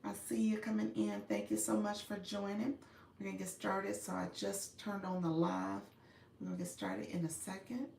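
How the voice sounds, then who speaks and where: A woman's voice: mid-range voice, sing-song, moderate pace, gravelly, a little mellow, recorded from a distance, a little hiss or hum. A woman in her thirties from Chicago, hosting a casual live stream, chatting and laughing often as she greets viewers. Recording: echoey room, voice a bit off-mic.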